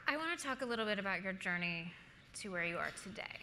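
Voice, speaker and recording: Bright-voiced woman moderating an interview. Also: mid-range voice, expressive, fast talker, a little hiss or hum. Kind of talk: onstage interview questions.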